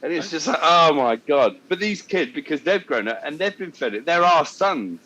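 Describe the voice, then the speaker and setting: Bloke co-host, lively anecdote teller, slightly high pitch, faint background hiss. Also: male voice, brisk, muffled recording. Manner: animated, slips into voices for anecdotes. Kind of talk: casual podcast storytelling.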